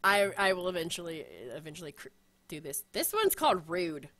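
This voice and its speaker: Young woman co-host, bright lively voice, swears a lot, excitable. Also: on the low side. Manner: excitable and profane, quick to shriek and laugh. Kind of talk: casual chat.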